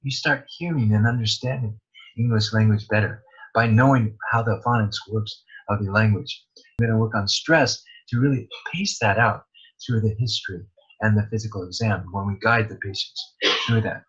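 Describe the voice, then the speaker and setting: A man's voice: fairly low pitch, moderate pace, a bit bright, breathy edge. A man, an English pronunciation teacher, promoting his course in a plain-spoken, step-by-step way. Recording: dull lo-fi recording.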